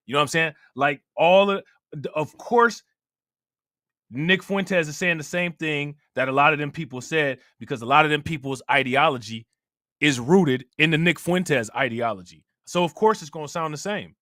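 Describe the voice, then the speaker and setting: A man with an Ohio accent runs a casual livestream, talking loosely and laughing often between thoughts. His voice is bright and forceful, recorded dry and close with no room around it. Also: fairly high pitch, normal speed, no room sound. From Ohio, USA. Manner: loose, conversational, laughs often, keeps asking "you know what I'm saying". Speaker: livestream host reading chat.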